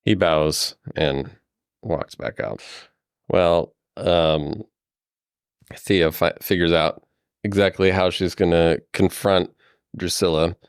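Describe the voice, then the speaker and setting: A man serving as game master, narrating a tabletop game in a relaxed way with frequent fillers. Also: deep voice, slow pace, pauses often, clean tone, no echo, clean studio sound.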